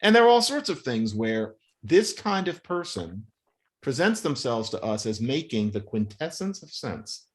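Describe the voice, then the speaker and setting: A man's voice: mid-range voice, very animated, a little slow. A man, an author being interviewed, arguing in an emphatic, wry way with long spoken sentences. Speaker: author and guest. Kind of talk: interview, animated argument.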